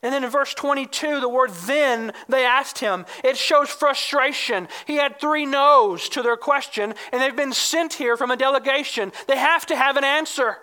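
Preacher giving a sermon, bright edgy voice, really emphatic, keeps saying guys. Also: high voice, normal speed, hardly any pauses, clean tone. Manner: emphatic, addresses listeners as "guys". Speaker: pastor.

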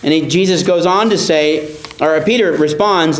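A man delivers an expository sermon in an earnest, emphatic manner. His voice sits high for a man. He repeats key phrases for emphasis, and the sound carries a roomy echo. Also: moderate pace. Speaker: pastor.

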